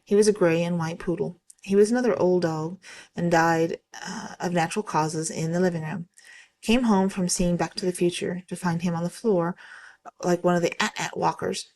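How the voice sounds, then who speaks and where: Woman reading stories aloud, lowish voice. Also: normal speed. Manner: steady, even-paced reading with occasional slips. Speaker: channel host reading stories.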